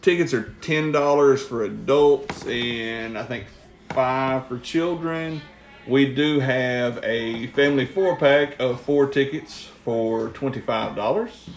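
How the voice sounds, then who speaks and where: A man's voice: mid-range voice, slow, soft background music. A man telling rambling, profane stories with lots of laughter on a casual podcast. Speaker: guest storyteller. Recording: roomy echo.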